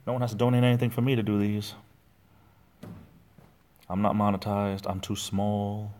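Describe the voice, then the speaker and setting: A man's voice: on the low side, darkish tone. Rambling man chatting on a livestream. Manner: rambling, chatty, reads chat comments aloud. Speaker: livestream host. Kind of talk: casual livestream chat. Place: at home.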